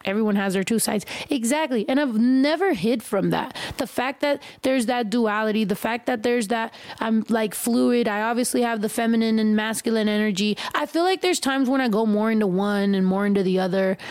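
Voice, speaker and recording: A woman hosting a casual livestream chat, talking in an animated, joking and heavily profane way. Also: a little high, fairly quick, few pauses, no room sound. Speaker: livestream host.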